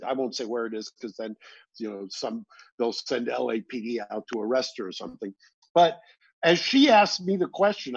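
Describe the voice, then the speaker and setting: A man's voice: fairly high pitch, husky, dry recording. A man co-hosting a podcast, arguing earnestly and asking pointed questions. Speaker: podcast co-host. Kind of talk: casual chat. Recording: dull dry lo-fi mic.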